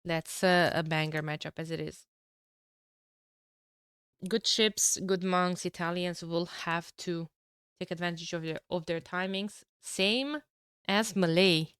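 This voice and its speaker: A woman with a lowish, smooth but hoarse voice calls a strategy game match. She sounds sick and keeps her energy down, pausing on fillers. The sound is dry and close to the mic. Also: steady tone, fairly bright tone, no echo. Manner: low-energy, with throat-clearing and fillers. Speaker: tournament caster. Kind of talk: game commentary.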